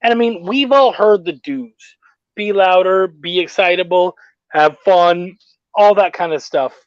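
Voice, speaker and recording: A man hosting a podcast interview, chatting casually, swearing often and jumping up in pitch when he is incredulous. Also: unhurried, clear, resonant tone, dry recording, muffled recording. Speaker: podcast host.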